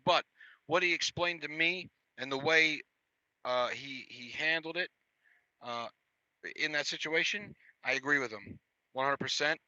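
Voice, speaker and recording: A man's voice: mid-range voice, pushed and bright, no echo, highs cut off. A man in his thirties, a truck driver from the United States, telling a story in a blunt, profane, repetitive rambling way. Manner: blunt, profane, repeats himself. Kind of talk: casual storytelling rant.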